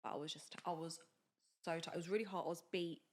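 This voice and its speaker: A woman's voice: on the low side, fast. A young woman, chatting on a podcast as co-host and telling a personal story, acting out the voices of the people in it. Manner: chatty, animated, acts out quoted dialogue. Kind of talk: casual chat, personal storytelling.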